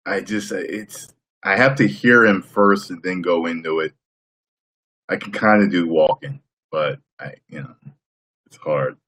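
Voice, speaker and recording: A man hosting a casual live stream, chatting with viewers in a playful, boastful way and breaking into loud whoops. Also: low voice, a little slow.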